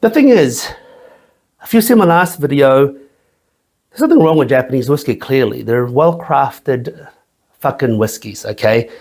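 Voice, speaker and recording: A man's voice: mid-range voice, lively intonation, a little slow, pauses often, a little mellow. A man hosting his own whisky review channel, talking casually with crude jokes and swearing, rambling and tagging lines with "okay?". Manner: profane, joking, rambling, says "okay?" often.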